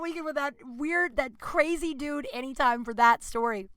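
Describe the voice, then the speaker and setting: A woman podcast host with a bright, crisp voice, swearing freely as she tells stories in a blunt, lively rant. The sound is dry and close, with almost no room echo. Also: fairly high pitch, moderate pace, few pauses. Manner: profane, animated, blunt. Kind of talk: casual storytelling monologue. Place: indoor room.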